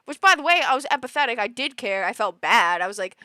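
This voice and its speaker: A woman in her twenties streaming live, telling a story in casual chat. She acts out quotes and breaks into sudden loud outbursts. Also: on the high side, brisk, clean tone, no echo, studio quality. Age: 20s.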